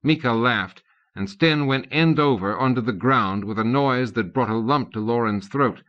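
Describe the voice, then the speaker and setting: A man narrating an audiobook in a steady, measured reading. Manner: steady, measured reading, raising pitch for characters' lines. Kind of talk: scripted narration. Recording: dull lo-fi cassette audio.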